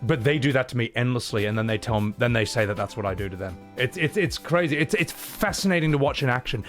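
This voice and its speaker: A man's voice: medium pitch, expressive, fast, soft background music. A man in his thirties chatting casually and animatedly on a live game stream, laughing often. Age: 30s.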